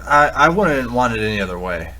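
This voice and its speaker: A man's voice: mid-range voice, big pitch swings, brisk, a crowd in the background. A man co-hosting a podcast, chatting casually and profanely about a horror movie and laughing as he retells scenes. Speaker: podcast co-host.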